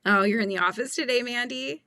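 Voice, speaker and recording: A woman's voice: on the high side, a little fast, pushed and bright, dry recording. A woman hosting a live crochet chat, thinking aloud and talking through pattern steps with viewers. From California. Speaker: crochet livestream host.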